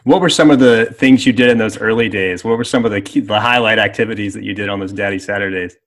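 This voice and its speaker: A man's voice: lowish voice, fast talker. A man hosting a conversational interview, asking questions and giving short affirmations. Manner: relaxed questioner, brief affirmations. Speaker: interview host.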